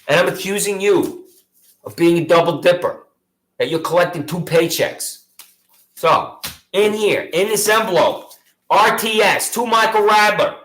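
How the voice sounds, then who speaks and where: A man's voice: high-pitched, bright, forceful tone, reverberant, poor audio. A man making an impassioned public complaint against local officials, accusatory, sarcastic and repetitive.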